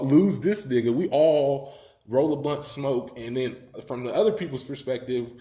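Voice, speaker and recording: A man's voice: mid-range voice, lively intonation, normal speed, dark tone, echoey room. A man telling a story in casual, profane talk, rambling and laughing as he goes.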